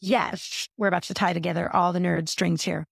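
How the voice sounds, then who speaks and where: A woman's voice: lowish voice, fairly even intonation, moderate pace, gravelly, breathy edge, dry recording, clean studio sound. A woman in her thirties co-hosting a podcast, chatting casually and telling nerdy stories with frequent laughs. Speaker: podcast co-host. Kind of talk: casual chat.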